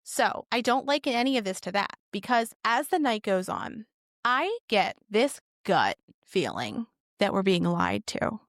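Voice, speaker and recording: Animated, swearing woman podcast host. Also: mid-range voice, a little slow, no echo, clean studio sound. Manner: swearing, animated storytelling with acted quotes. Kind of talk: casual podcast chat.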